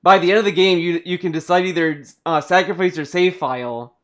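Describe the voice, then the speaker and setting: A man's voice: sits high, a little fast, fairly bright tone. A man hosting a casual podcast, chatting about games in a rambling way full of fillers and restarts. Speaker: podcast host.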